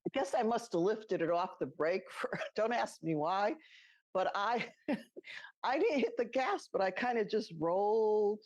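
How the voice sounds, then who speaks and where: A woman's voice: mid-range voice, expressive, measured pace, no room sound. A middle-aged woman co-hosting a podcast, telling personal stories in a chatty way, laughing as she goes and acting out the voices she quotes. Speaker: podcast co-host. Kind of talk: casual storytelling chat.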